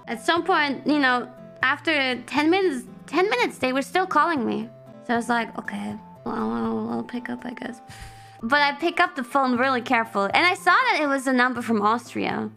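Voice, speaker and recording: A woman streamer casually telling a story in an animated, flustered way, laughing and repeating herself. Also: high voice.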